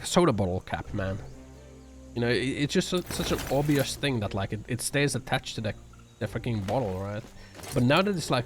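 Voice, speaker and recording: A man streaming from his apartment, chatting with viewers in a sarcastic, profane, rambling way full of fillers. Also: mid-range voice. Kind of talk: casual chat reacting to viewer comments. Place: home apartment. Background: background music.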